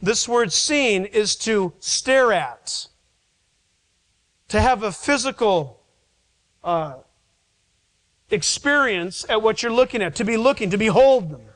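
A man's voice: sits high, animated, takes it slowly, pauses often, fairly bright tone, rough recording. A male pastor preaching a sermon in a church, pleading and emphatic, with rhetorical questions to the congregation.

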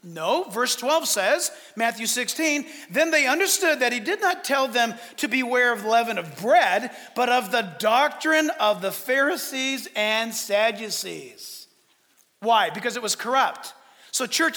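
A man's voice: extremely high pitch, pushed and bright, long reverb tail. A man preaching a sermon as pastor, emphatic and full of rhetorical questions. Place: church.

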